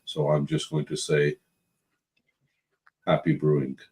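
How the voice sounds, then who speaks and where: A man co-hosting a podcast, telling a mock-learned story in a flat deadpan voice. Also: extremely low pitch, slow pace. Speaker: podcast co-host. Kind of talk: casual chat.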